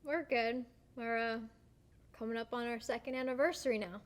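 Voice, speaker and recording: A young woman playing a small-town younger sister, who needles her brother in a blunt, teasing way. Her voice sits a little high, as in a student stage play. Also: fairly even intonation, moderate pace, natural voice. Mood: chatty. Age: young adult. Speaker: actor.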